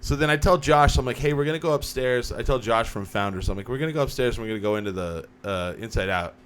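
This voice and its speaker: A man co-hosting a casual podcast chat, telling stories with lively acted-out quotes. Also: medium pitch, quick pace, clean tone. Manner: animated storyteller, acts out quotes. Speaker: podcast co-host. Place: small home studio.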